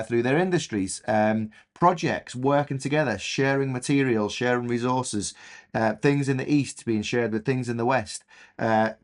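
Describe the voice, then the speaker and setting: English male teacher, mid pitch, chatty and enthusiastic, lots of fillers. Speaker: history teacher. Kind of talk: recorded revision lesson.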